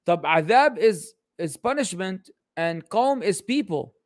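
High-voiced joking male teacher. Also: expressive, measured pace, dry recording, clean studio sound. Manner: joking, exasperated, teasing. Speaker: Islamic teacher answering questions. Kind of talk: casual livestream Q&A lesson.

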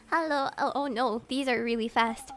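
A young woman from Singapore chatting playfully and giggling as she streams a game, with faint game music behind. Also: high voice. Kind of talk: casual live game commentary.

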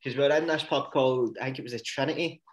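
A man's voice: medium pitch, fast, echoey room. A Scottish man in casual chat, laid-back and joking, swearing freely.

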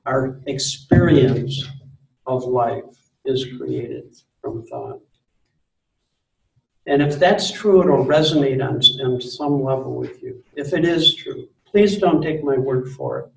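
A man giving a live spiritual talk to an audience, earnest and gently insistent, repeating phrases for emphasis. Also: medium pitch, takes it slowly, vocal fry. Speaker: speaker on spirituality. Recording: roomy, distant mic.

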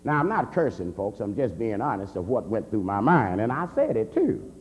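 A man, an assistant pastor, telling his conversion story as a convention sermon, swinging from a low murmur to heated near-shouts. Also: huge pitch swings, moderate pace. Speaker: minister giving testimony. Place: large convention hall. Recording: reverberant hall with faint hum.

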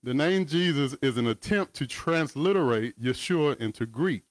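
A man's voice: mid-range voice, expressive, normal speed, no room sound. A man giving a conversational Bible teaching over a video call, reading verses with casual asides. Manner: casual, asides and chuckles between scripture readings.

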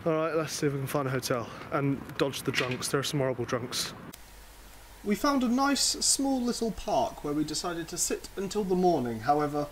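A young Englishman with an English accent vlogs on the street at night, his voice sitting a touch higher than most men's. He rambles through the story with exasperation and self-mocking asides, and a faint hiss of noise runs underneath. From England. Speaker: travel vlogger. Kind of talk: casual storytelling to camera. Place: outdoors at night in a city.

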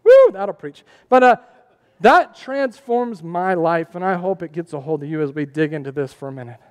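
A man preaching a sermon as pastor, animated and asking the congregation questions as he goes. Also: on the high side, a little fast, in a large hall.

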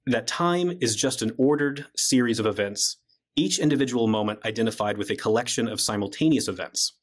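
A man's voice: mid-range voice, brisk. A man, a guest philosopher, explaining an argument in an easygoing conversational way, often dropping in "like" as he reasons. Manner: casual, frequent "like" fillers while reasoning.

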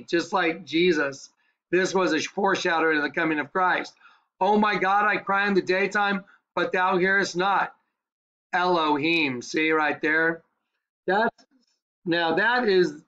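Guy preaching bible stuff, bright fairly high voice, kinda dull lo-fi sound. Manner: fervent, conversational, repeatedly prompting "ready?". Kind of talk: screen-share Bible teaching.

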